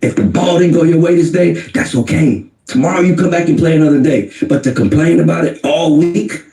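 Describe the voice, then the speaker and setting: A man's voice: on the high side, a little fast, vocal fry, mellow, recorded from a distance. A man arguing emphatically in a casual podcast debate, repeating his points for effect. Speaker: podcast co-host in played clip. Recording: roomy, off-mic podcast clip.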